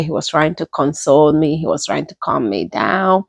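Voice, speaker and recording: A young woman with a Nigerian accent telling a personal story in an unhurried, casual way, often repeating herself as she goes. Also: low voice, gravelly, no room sound. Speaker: storytelling vlogger.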